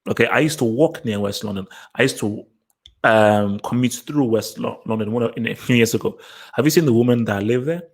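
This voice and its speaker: A man's voice: mid-range voice, brisk. A man hosting a live football fan stream. He taunts his chat, repeats himself, and keeps laughing at the viewers. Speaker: host of a football fan show.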